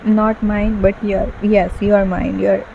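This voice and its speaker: A woman's voice: medium pitch, little pitch movement, a little slow, creaky, phone-quality sound, a little hiss or hum. A woman giving an emotional tarot reading, gushing and full of fillers, tearful at times. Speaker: tarot card reader. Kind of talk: casual tarot reading monologue.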